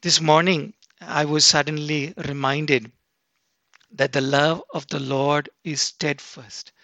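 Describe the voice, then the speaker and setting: A male preacher giving a sermon, reading scripture slowly and stressing key words with rising emphasis. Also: on the high side, flat delivery, bright, forceful tone, dry recording, muffled recording.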